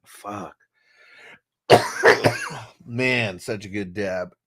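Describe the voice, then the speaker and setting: A man's voice: fairly low pitch, very slow, heavy background noise. A man hosting a casual livestream, talking in a laid-back, slangy way to his chat and coughing now and then. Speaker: livestream host.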